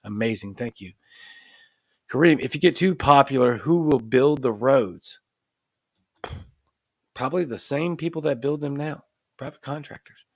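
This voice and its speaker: This live-show host has a Cajun accent and a mid-range voice with lively intonation, speaking unhurriedly and pausing often in a dry recording. He talks casually to viewers and reads their comments through a desk microphone in front of the camera. He comes across as earnest, repeating himself, frequently restarting phrases and building to emphatic points.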